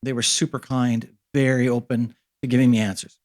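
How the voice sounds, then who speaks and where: A man in his fifties from Canada, a guest in an interview, telling stories from his career casually and acting out the dialogue with lively jumps in pitch. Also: a little fast. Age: 50s. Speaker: interview guest, special effects supervisor.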